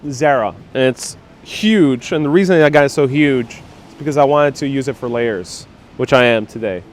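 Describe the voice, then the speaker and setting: A man's voice: medium pitch, normal speed. A man hosting a casual live stream as he walks city streets, chatting upbeat and laughing often, on a clip-on mic with faint traffic behind. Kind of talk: casual live-stream chat reading viewer comments. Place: outdoors on busy city streets. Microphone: wireless clip-on mic with phone on gimbal.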